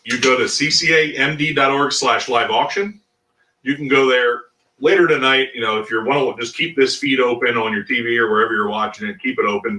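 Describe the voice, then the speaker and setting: A man's voice: medium pitch, sharp tone, recorded from a distance. Chatty man hosting a fundraiser. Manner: chatty, enthusiastic, thanks supporters. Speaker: host of a charity fundraiser. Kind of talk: live-stream fundraiser hosting. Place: fishing shop. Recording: echoey shop, off-mic.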